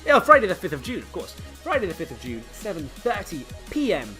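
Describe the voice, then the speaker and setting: Young man, hyped and joking, higher voice, very lively pitch, faint music behind. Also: brisk. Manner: excitable, jokey, hyped. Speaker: co-host of a game league channel. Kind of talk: casual chat.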